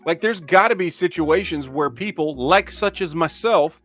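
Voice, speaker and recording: A man's voice: on the high side, normal speed, few pauses, fairly bright tone, soft background music. A man hosting a casual live-stream podcast, ranting and swearing in an exasperated way while he reads viewer comments. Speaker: podcast host.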